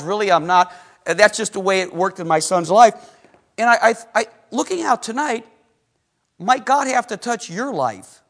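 A middle-aged man with a notably high voice preaches to his congregation. He tells a story with animated swings between booming excitement and quiet, hushed passages, and stops to put questions to the listeners. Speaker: pastor. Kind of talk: sermon with personal story.

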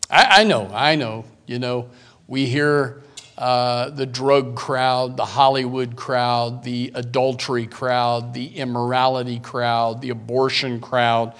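A man preaching a sermon as pastor, swinging from quiet asides to loud bursts and reading scripture slowly. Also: mid-range voice, fairly even intonation.

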